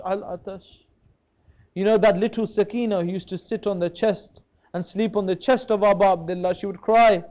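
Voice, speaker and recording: High-voiced man giving an impassioned mourning sermon. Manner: impassioned, pleading with listeners. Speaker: majlis speaker. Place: religious centre hall. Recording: thin phone-like lo-fi sound.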